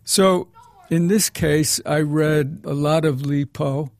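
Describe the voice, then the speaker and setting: Man, raised voice with gravel, rambling storyteller, film director in interview. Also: fairly high pitch, fairly even intonation, slow pace. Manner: rambling, digressive anecdote telling. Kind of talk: reminiscing interview answer.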